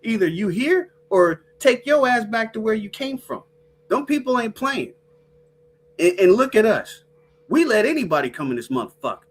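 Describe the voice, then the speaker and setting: A woman co-hosting a casual podcast, her voice swooping widely up and down as she talks. She is blunt and profane, driving her points home with animated energy. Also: on the high side, moderate pace, breathy edge. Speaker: podcast co-host. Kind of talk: casual chat.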